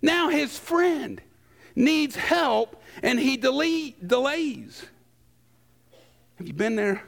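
A man preaching a sermon, emphatic, acting out quotes and pausing for effect. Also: extremely high pitch, expressive, gravelly, a bit bright. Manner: emphatic, acts out quotes, dramatic pauses.

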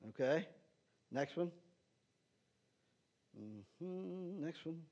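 A man's voice: a little high, lively intonation, extremely slow, a little mellow. A man, a pastor, giving a sermon in a conversational teaching style and often checking in with "right?". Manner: conversational, keeps asking "right?"; talks to the slide operator between points. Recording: dull lo-fi sound.

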